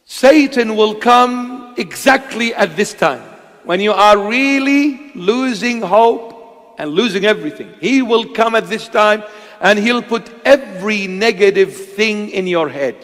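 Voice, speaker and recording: A man's voice: high voice, animated, measured pace, a bit bright. A man preaching a sermon with impassioned, emphatic delivery, sometimes acting out voices. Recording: long hall reverb.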